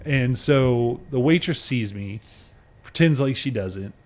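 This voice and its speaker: A male podcast co-host chatting casually with a friend, his voice sitting in a middle pitch range. He tells stories with a lot of energy, acting out the people in them and laughing as he goes. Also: slow. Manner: animated storyteller who acts out the people he quotes and often breaks into laughter.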